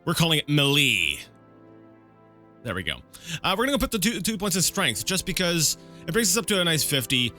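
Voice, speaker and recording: A man talks his way through a video game in a bright, forward voice, thinking out loud and restarting his sentences often. Faint game music plays under him. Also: fairly high pitch, sing-song, fairly quick. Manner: rambling and self-correcting, with frequent fillers and restarts. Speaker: let's play gameplay commentator. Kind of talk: casual live gameplay commentary.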